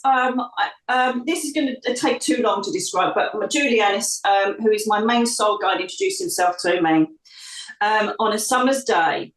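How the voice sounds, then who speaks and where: A woman's voice: on the high side, fairly bright tone. A woman from the UK, a psychic medium telling a long story in an interview, chatty and laughing, acting out the voices she quotes. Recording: roomy sound, distant from the mic.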